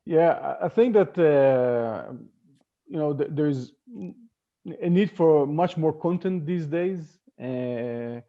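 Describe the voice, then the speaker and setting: A man speaking on a webinar panel in a halting way, with many fillers and restarts. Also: fairly high pitch, animated, phone-quality sound. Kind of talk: casual panel talk.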